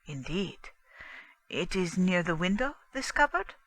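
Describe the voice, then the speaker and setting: A fussy, probing middle-aged Belgian detective, as a woman reader puts him on, weighing every word slowly in a bright, dry storybook voice. He asks his questions in a measured, precise way. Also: on the low side, very animated, no room sound, full character voice. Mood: inquisitive.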